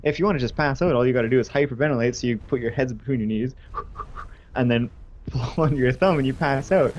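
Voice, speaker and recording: A man's voice: mid-range voice, a little fast, a little mellow, natural voice, poor audio. A man quoting a male science teacher in a casual, matter-of-fact voice. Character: offhand male science teacher giving bad advice.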